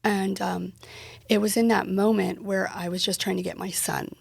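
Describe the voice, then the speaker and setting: A woman's voice: mid-range voice, level tone, moderate pace, creaky, breathy edge, no echo, clean studio sound. A woman guest on an interview podcast, candidly retelling a personal story and quoting the dialogue in it.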